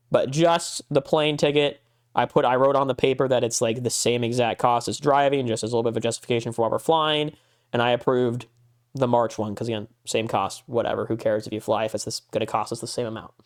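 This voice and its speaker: A man holds forth on a casual podcast, his voice sitting at an ordinary middle pitch. He rants in an exasperated way and swears freely. His voice leaps high whenever he gets worked up. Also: steady tone, brisk. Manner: exasperated ranting, heavy swearing, pitch jumps when worked up. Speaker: podcast co-host.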